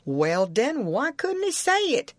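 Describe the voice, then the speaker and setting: A woman's voice: on the high side, big pitch swings, unhurried, no room sound, voice pushed up. A woman voicing a stubborn, argumentative grown runaway man in a heavy rural Southern dialect, in an audiobook. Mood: indignant. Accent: Southern American.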